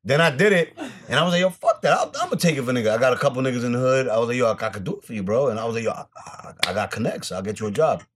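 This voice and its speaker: A young man hosting a casual podcast, telling loud, profane, laughing stories. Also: medium pitch, lively intonation, rapid-fire. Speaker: podcast host. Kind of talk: casual chat, storytelling.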